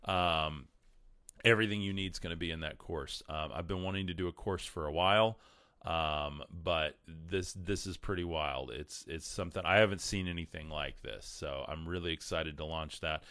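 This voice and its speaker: A man giving a casual spiritual talk to his viewers, rambling with repeated words and many ums, slowing down for emphasis. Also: low voice, bright, forceful tone, dry recording, clean studio sound. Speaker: spiritual teacher.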